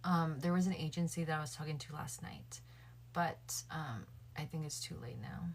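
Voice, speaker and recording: A woman's voice: deep voice, moderate pace, vocal fry, slight background noise. A woman livestreaming late at night, chatting casually with her viewers and thinking aloud. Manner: chatty, addresses her viewers and chat directly.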